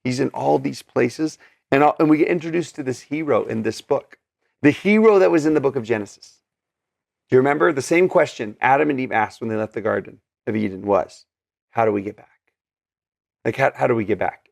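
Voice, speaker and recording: A man's voice: mid-range voice, brisk, vocal fry, a little mellow, no echo, studio quality. A man teaching scripture in an earnest, conversational way, with many fillers and restarts. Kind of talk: casual scripture study talk.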